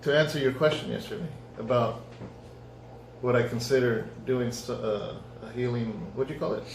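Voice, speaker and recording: A man, a pastor, giving a conversational sermon testimony and acting out his own dialogue in lively storytelling. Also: mid-range voice, moderate pace, slight background noise. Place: church. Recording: echoey room.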